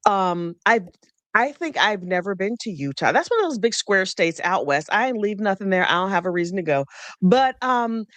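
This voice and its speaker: A woman's voice: mid-range voice, animated, moderate pace, fairly bright tone, no echo. A woman co-hosting a true crime chat, talking in a sassy, gossipy way with theatrical asides. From New Jersey. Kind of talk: casual chat.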